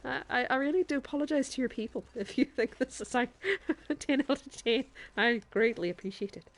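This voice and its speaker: A woman's voice: high-pitched, fairly quick. A woman streamer chatting to her viewers in a put-on Irish accent while she plays a game, often laughing as she talks. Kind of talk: live gameplay commentary.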